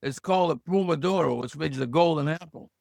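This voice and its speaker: A man around seventy from Massachusetts, a podcast guest who tells lively stories and acts out the voices he quotes. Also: a little high, a little fast, creaky, no room sound. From Hull, Massachusetts. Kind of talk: casual storytelling interview.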